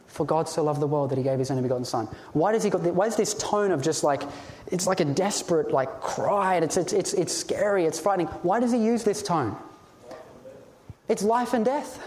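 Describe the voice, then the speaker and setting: A man's voice: sits high, expressive, normal speed, darkish tone. A man preaching a sermon in an earnest, pleading way, sometimes stumbling over his words when stirred. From Australia.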